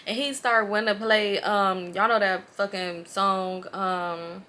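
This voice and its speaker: A woman in her late twenties casually telling a storytime to her viewers, animated, slangy and swearing freely. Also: medium pitch, a little slow, hardly any pauses. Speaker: vlogger.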